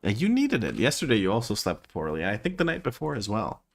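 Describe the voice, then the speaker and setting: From a room at home, a man streams a game and chats casually and playfully, thinking aloud and laughing a lot. His fairly low voice swoops wildly in pitch, moving fast with a creaky texture, and there's slight background noise.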